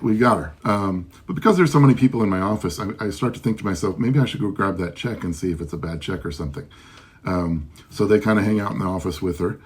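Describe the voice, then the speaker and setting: A man with a deep, slightly husky voice recounts a wild episode from his security days. He talks casually and animatedly, with frequent ums and restarts. The delivery is loose and conversational. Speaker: loss prevention business owner. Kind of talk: casual first-person storytelling.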